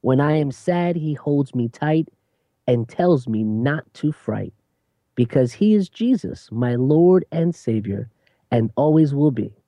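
A man's voice: medium pitch, expressive, slow, no echo. A man co-hosting a Christian radio talk show, answering with short agreements and reading a poem aloud earnestly. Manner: warm affirming interjections, earnest reading aloud. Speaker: radio co-host. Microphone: studio microphone.

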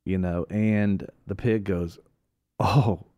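Low-voiced male co-host, casual Bible teaching, animated and quick to laugh. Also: highs cut off. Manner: animated storyteller, laughs often.

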